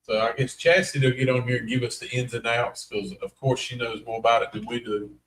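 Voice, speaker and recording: A man's voice: mid-range voice, fairly even intonation, brisk, fairly bright tone, a little hiss or hum. A man with a North Carolina accent, co-hosting a casual live stream in a chatty, folksy, teasing way. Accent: Southern US, North Carolina. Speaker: co-host of paranormal live stream.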